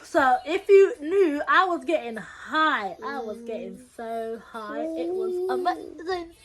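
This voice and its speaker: A young woman, telling a story in a casual, slangy and animated way, acting out what people said. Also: high-pitched, slow. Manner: animated, acts out quotes with loud bursts and laughter; slangy, repetitive phrasing. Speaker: vlogger.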